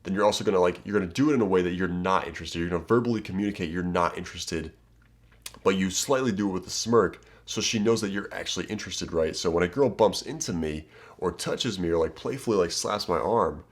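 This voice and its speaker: A man with a low voice talks straight to the viewer as a dating coach. His delivery is casual and emphatic. He keeps tagging his points with quick checks like "okay?" and "right?". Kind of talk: direct-to-camera advice talk.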